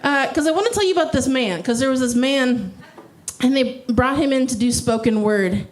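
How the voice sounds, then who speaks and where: A woman's voice: high voice, normal speed, poor audio. A young woman doing stand-up on a club stage, wry and self-deprecating, sliding into a mock slam-poetry delivery. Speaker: stand-up comedian. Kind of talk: stand-up comedy.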